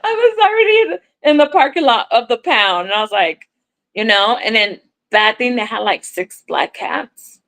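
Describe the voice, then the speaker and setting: A woman chatting on a crochet livestream, telling a story in a lively way, acting out what people said and swearing now and then. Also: on the high side, normal speed, low-quality recording. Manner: animated storyteller, acts out dialogue, swears casually. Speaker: crochet content creator on a livestream. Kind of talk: casual livestream chat, storytelling.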